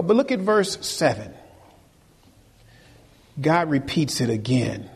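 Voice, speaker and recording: A man's voice: medium pitch, sing-song, takes it slowly, gravelly, pauses often, husky, big-room sound. A man preaching a sermon as pastor, emphatic and repeating key phrases for force.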